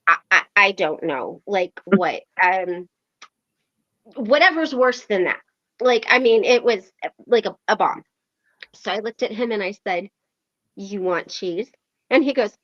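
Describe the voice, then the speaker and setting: A recovery meeting host tells a story casually in an online meeting, animatedly acting out the quoted lines and using lots of fillers. Her voice is fairly high-pitched, and the recording's highs are cut off.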